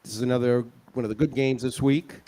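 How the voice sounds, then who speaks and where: A man's voice: medium pitch, steady tone, fast, dark tone. A man co-hosting a casual college football picks show, easygoing and chuckling, sometimes losing his place. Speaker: show co-host reading picks. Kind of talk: casual sports betting chat.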